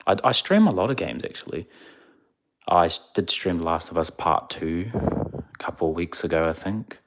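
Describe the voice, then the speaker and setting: Over a noisy background, a man with a deep, animated voice chats casually on a livestream at normal speed. He's laid-back, a little sleepy and rambling as he answers questions from chat.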